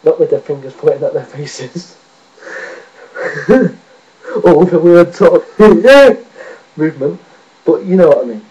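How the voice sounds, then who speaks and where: A man's voice: on the high side, expressive, a little slow, pauses often, dark tone, highs cut off. An English man rambling casually in a vlog, self-mocking and sweary, often laughing at himself. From England. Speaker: vlogger.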